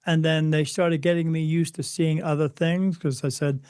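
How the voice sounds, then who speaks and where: A man recounting personal experiences as an interview guest, earnest and halting, often repeating words as he goes. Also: fairly high pitch, little pitch movement, a little mellow, clear, resonant tone, dry recording, studio quality. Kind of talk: personal storytelling.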